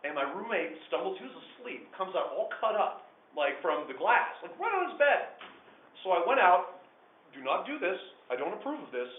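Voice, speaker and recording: A man telling a true story to a small group of listeners, animated, swinging between hushed and loud. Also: high voice, moderate pace. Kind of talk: live personal storytelling to listeners. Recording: echoey room over a tinny phone-like line.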